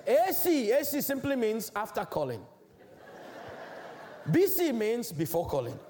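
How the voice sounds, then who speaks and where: Warm in tone and measured in pace, this male voice swings hugely in pitch, with a little hiss or hum on the recording. It belongs to an African church elder giving an emphatic, declamatory sermon in a large church, full of big pitch swells.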